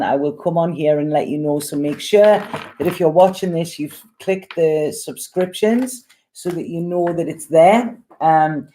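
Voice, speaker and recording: A woman tarot reader with a deep voice who talks in a chatty, rambling way and swears bluntly while giving readings. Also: dark tone, a little hiss or hum.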